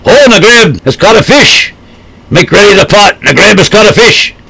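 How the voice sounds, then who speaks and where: Booming boisterous big man, storybook, male reader putting it on. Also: animated, moderate pace, vocal fry, pushed and bright, slightly rough, full character voice. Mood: jolly teasing. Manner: roaring, boisterous. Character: big strong jovial man, booming teaser.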